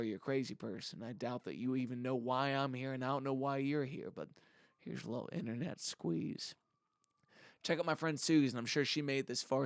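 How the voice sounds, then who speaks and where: A man's voice: mid-range voice, dry recording, studio quality. A man, a musician vlogger, talking in a casual monologue to the camera in a rambling, heartfelt and jokey way.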